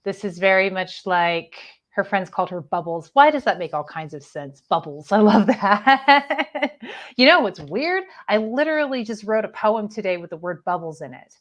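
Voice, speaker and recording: A woman psychic medium giving a live online spiritual reading, speaking gently and hesitantly, with many fillers and restarts. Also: lowish voice, expressive, brisk.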